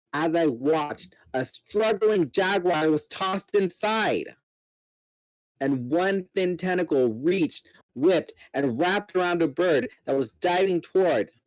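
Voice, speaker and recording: A man's voice: a little high, no room sound, rough recording. A man reading a novel aloud, narrating steadily and voicing the characters himself. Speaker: reader. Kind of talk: dramatic book reading.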